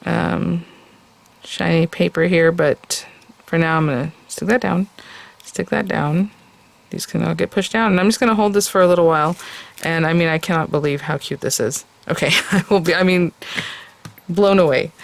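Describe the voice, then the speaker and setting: Chatty gravelly-voiced woman crafter. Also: fairly low pitch. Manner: chatty and enthusiastic, addresses viewers directly. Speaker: craft tutorial host. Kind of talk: casual step-by-step crafting tutorial.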